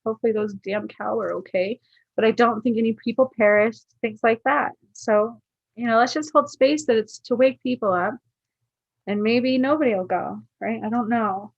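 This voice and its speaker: A woman's voice: fairly high pitch, fairly even intonation, moderate pace, vocal fry, no echo, dull audio. A woman giving a casual livestream card reading, earnest, often checking in with her viewers. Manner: earnest, keeps checking in with "okay?". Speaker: spiritual card reader.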